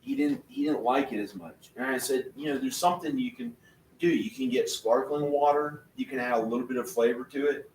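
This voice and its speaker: A man's voice: medium pitch, lively intonation, fairly quick, a little mellow. Guy rambling and laughing, restarts a lot, medium voice, far off in a roomy echo. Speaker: vlogger. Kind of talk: rambling casual talk. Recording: echoey room, far from the mic, faint noise.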